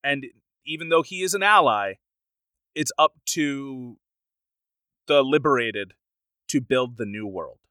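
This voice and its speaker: A man co-hosting a casual podcast, discussing a film with animated enthusiasm and now and then acting out crowds in raised voices. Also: medium pitch, slow pace, pauses often, clear, resonant tone, no room sound. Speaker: podcast co-host.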